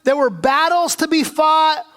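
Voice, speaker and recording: Male pastor, higher voice than most men, preaching in a relaxed, conversational way. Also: unhurried. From Pacific Northwest. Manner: conversational, asks "right?" often, clears throat. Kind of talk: expository sermon. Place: church sanctuary.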